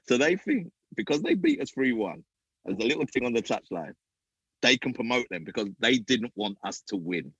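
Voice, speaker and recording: Man, husky voice, very animated pitch, dry slightly dull podcast sound. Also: normal speed, no room sound. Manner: acts out other people's voices, lively and emphatic. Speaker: podcast guest, former youth football coach. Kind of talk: animated storytelling.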